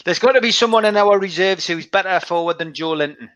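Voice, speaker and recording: A man's voice: high voice, fast, a bit bright. A man on a video call, chatting about football in long reflective anecdotes. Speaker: co-host reading the live chat. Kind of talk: casual football chat.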